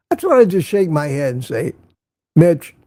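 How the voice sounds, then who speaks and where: A man's voice: a little high, big pitch swings, measured pace, darkish tone, dry recording. An older man hosting a casual morning livestream, greeting viewers by name and rambling sarcastically. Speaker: livestream host.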